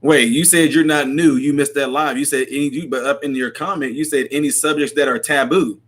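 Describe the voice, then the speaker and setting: Guy running a live chat, mid pitch, rambles and laughs a lot. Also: fairly even intonation, brisk. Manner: chatty, laughs often, rambling. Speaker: livestream host. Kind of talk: casual live chat reading comments.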